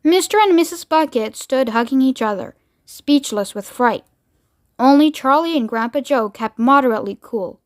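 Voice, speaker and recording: A woman's voice: high voice, lively intonation, moderate pace, dry recording, studio quality. Woman reading a storybook aloud. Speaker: read-aloud reader.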